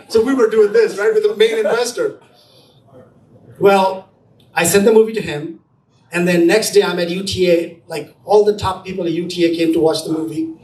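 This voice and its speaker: Man telling a lively story in an echoey room. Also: high-pitched, a little fast, distant mic. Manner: animated storytelling, acting out quotes. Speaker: film producer. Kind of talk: storytelling talk at an event. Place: event space.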